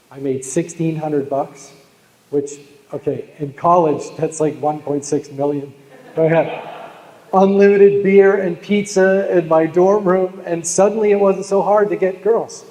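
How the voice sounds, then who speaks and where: A man's voice: fairly high pitch, warm tone. Joking Boston man in an echoey hall. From Boston, USA. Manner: joking, storytelling, talks to the audience. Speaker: keynote speaker. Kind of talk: live motivational sales talk. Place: large hall at a live event. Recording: echoey hall with long reverb.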